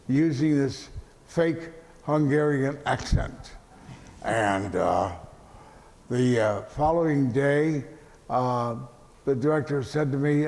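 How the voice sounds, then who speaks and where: An older man, a veteran actor answering questions at an event, halting with many fillers and dry deadpan jokes. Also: on the high side. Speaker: interview guest, veteran actor. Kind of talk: relaxed panel conversation. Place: event hall with audience. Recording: echoey hall.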